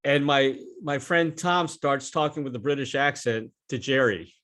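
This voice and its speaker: A man's voice: mid-range voice, normal speed, a bit bright. Chatty older man spinning anecdotes. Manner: chatty, rambling anecdotes, laughs at his own stories. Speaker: interview host. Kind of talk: casual interview chat.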